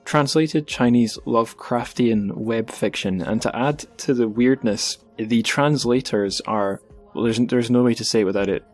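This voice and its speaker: A man's voice: mid-range voice, moderate pace, soft background music. A man hosting a podcast, reading news and book blurbs casually with many fillers. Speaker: podcast host. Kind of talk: solo podcast news segment.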